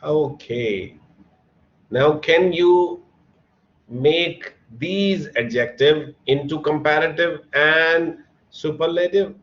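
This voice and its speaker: A man teaching an online grammar class, explaining patiently and spelling words out letter by letter. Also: a little high. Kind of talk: online English grammar lesson. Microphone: computer mic on a video call. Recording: dull lo-fi online call audio.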